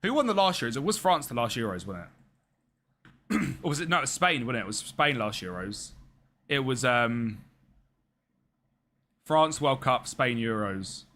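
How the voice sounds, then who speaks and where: During a casual gaming live stream, a young man rambles and responds to viewers by name as he plays. His medium-pitched, sharp voice swings widely in pitch at a moderate pace, broken by long pauses.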